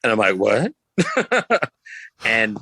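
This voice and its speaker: Bright-voiced man telling wild stories. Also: wildly swooping pitch, extremely slow, breathy edge, no room sound, poor audio. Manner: rambling, restarts, acts out quotes with pitch jumps; loose, swears casually. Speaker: podcast guest, sideshow performer. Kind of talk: casual storytelling.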